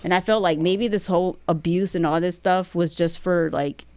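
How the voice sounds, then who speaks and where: Woman, fight promoter being interviewed; low voice, dry sound, swears freely and talks with raw feeling. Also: fairly even intonation, normal speed, a little mellow, clean tone, no room sound. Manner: blunt, heavy swearing. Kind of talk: emotional interview talk.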